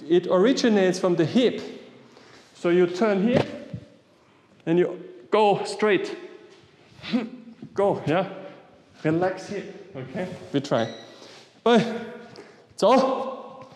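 A man's voice: sits high, takes it slowly, long pauses, darkish tone, slight background noise. A man leading an exercise class in short commands and simple, non-native English, often checking in with "yeah?". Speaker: qigong instructor. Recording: echoey hall, voice from some distance.

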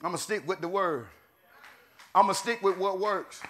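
A middle-aged man preaching a sermon, swinging between shouted declarations and low murmured asides. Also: moderate pace, a little hiss or hum.

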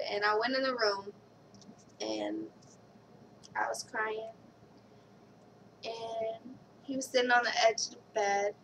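Young woman with a gravelly voice, telling her story. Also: on the high side, a bit bright, recorded from a distance, a little hiss or hum, low-quality recording. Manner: candid, halting, reads a card aloud. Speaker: vlogger. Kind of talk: casual personal storytelling.

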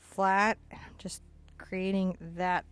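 A woman's voice: mid-range voice, little pitch movement, slow, smooth, soft background music. Playful woman teaching painting. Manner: chatty, playful, talks to herself while painting. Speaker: acrylic painting instructor. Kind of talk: casual step-by-step painting lesson.

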